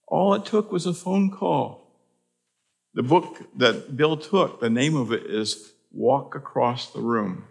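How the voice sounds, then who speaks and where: Older pastor with a gravelly voice. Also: male voice, medium pitch. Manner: earnest, halting with restarts. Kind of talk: sermon storytelling.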